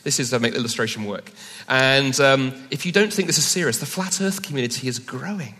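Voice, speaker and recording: A man with a bright, forceful voice argues at a live debate, animated and fond of jokes and quick asides. His voice rings with the long reverb of a large event hall. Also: mid-range voice. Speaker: debate speaker.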